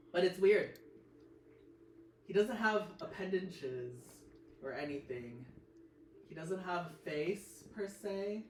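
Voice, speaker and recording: A woman narrates a tabletop game slowly and loosely, restarting her phrases as she goes. She sits back from the mic in a roomy space, with music playing behind her. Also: low voice, recorded from a distance, slight background noise. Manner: meandering, many fillers and restarts. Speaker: game master.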